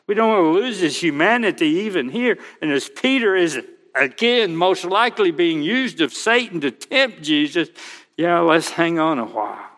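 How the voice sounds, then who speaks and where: A male pastor preaching a sermon, slow and emphatic, quoting scripture aloud. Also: a little high, big pitch swings, a bit bright, in a large hall.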